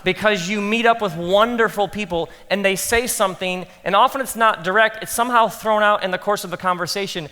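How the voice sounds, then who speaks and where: Bright guy telling pastor stories, goes quiet when he acts out his thoughts, big echoey hall. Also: high-pitched, brisk, hardly any pauses. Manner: animated storytelling, acts out quoted inner thoughts in hushed tones. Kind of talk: conference talk with humorous stories. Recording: long hall reverb.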